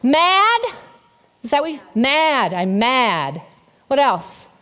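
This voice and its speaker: High, animated woman pastor. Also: takes it slowly, clear, resonant tone, dull audio. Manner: asks the congregation questions and repeats their answers. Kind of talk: interactive sermon. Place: church sanctuary.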